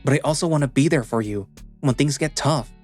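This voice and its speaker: A man's voice: mid-range voice, lively intonation, moderate pace, a little mellow, close to an everyday voice. A man voicing David, a frustrated young best friend, in a visual novel reading with faint music behind. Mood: hurt, angry. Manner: pleading, earnest, swearing when upset.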